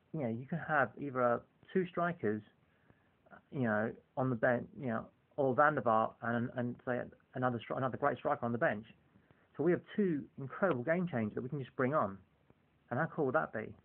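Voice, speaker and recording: A man rambles through a casual monologue, scattering "you know" through nearly every sentence. His mid-pitched voice has a gravelly, fry-laden edge. The sound is thin and tinny, like a phone line. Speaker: football fan vlogger.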